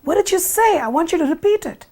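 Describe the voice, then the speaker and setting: A woman storyteller voicing an easily alarmed male king who makes raised, sharp demands. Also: extremely high pitch, lively intonation, fast, voice pushed up. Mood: indignant.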